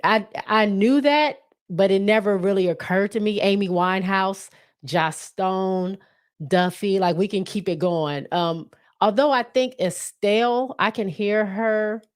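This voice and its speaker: A woman's voice: on the low side, clear, resonant tone. A woman hosting a solo podcast in a loose, chatty way, with plenty of fillers and restarts. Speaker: podcast host. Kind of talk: casual solo podcast chat.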